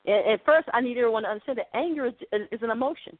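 A woman's voice: fairly high pitch, racing, no room sound. A woman preacher delivering an earnest, conversational podcast sermon. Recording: dry, phone-like narrow sound.

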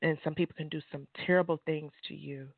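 A woman, an author and guest, giving fervent, preachy testimony on a call-in show, leaping into high exclamations. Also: steady tone, fast talker, vocal fry, no room sound. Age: adult mother. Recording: tinny phone line.

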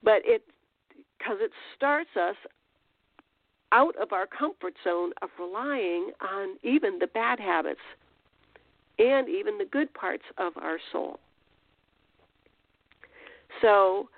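A woman's voice: medium pitch, animated, slow pace, gravelly, long pauses, no room sound. A woman hosting a podcast and giving an informal spiritual teaching in a rambling, conversational way with restarts and fillers. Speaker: podcast host. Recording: tinny phone-line audio.

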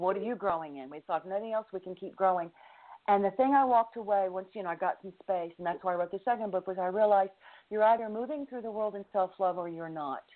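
A middle-aged woman author telling a personal story in an interview, earnest and given to laughing. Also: medium pitch. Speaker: guest author. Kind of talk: interview over the phone. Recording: tinny phone line.

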